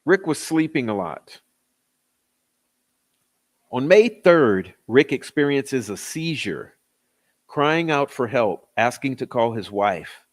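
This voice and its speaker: A man's voice: medium pitch, sing-song, slow, pauses often. A man recaps court testimony for his channel, reading it out in a mid-range voice. He breaks off into indignant, sarcastic asides. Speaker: true-crime commentator.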